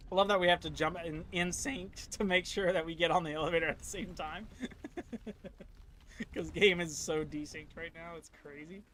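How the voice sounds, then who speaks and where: A man's voice: a little high, steady tone, moderate pace, a bit bright, a little hiss or hum. A man streaming a video game, chatting casually in rambling asides. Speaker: gaming streamer.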